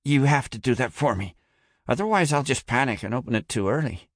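A man's voice: mid-range voice, lively intonation, fairly quick, dry recording, clean studio sound, pitched above the performer's own voice. A man reading aloud and voicing an anxious young male trainee whose voice wavers, in a storybook reading. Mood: nervous. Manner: nervous, wavering.

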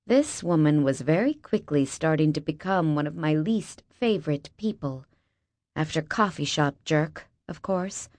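A woman's voice: on the low side, dry recording. A woman narrating a first-person novel with wry, sarcastic asides, on a close mic. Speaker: audiobook narrator.

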